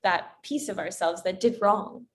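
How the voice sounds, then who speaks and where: A woman coach, a guest on a podcast, talking in a calm and reflective way with spiritual phrasing. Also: medium pitch, measured pace. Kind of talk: casual podcast conversation.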